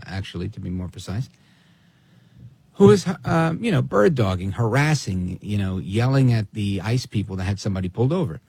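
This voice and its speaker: A man hosting a talk radio show, giving opinionated commentary in a sarcastic, animated way. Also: lowish voice, gravelly, slightly rough, no echo. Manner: animated and sarcastic, mimics people in quoted asides.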